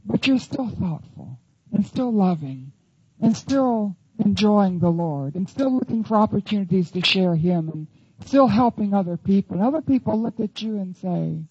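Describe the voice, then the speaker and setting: Husky woman preaching earnestly. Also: mid-range voice, lively intonation, normal speed, darkish tone, highs cut off. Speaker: Bible teacher. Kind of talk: sermon.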